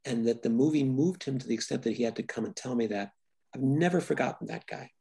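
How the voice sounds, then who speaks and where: An older man, a filmmaker, giving thoughtful, halting interview answers full of restarts. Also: medium pitch, vocal fry, mellow, husky. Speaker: filmmaker guest.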